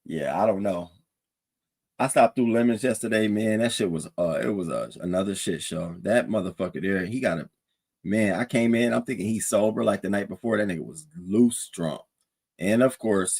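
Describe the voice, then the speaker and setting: A man streamer chatting casually over breakfast, telling gossip with swearing and a voice that climbs high when he gets worked up. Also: a bit bright. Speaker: streamer recapping live streams.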